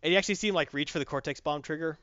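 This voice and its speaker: A man in casual chat, retelling a comic story in a rambling, animated way with lots of fillers. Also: fairly high pitch, racing, no echo, lo-fi sound.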